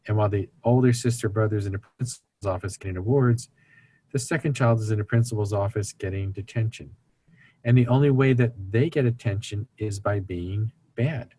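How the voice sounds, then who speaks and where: Man explaining family roles, lowish voice. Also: normal speed, mellow, slightly rough. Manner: earnest teaching tone, acts out quoted voices. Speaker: guest speaker on recovery ministry. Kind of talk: explaining in an interview.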